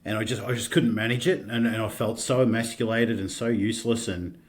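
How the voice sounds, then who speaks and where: A middle-aged Australian man, speaking on the low side with fairly even intonation, is a podcast guest candidly telling his own story. He often halts and restarts, swearing casually as he goes.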